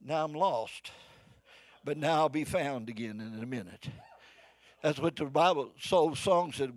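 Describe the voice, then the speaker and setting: An older man preaching a sermon to a congregation, folksy, shifting between shouted exhortation and hushed storytelling. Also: a little high, normal speed, no echo. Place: church before a live congregation.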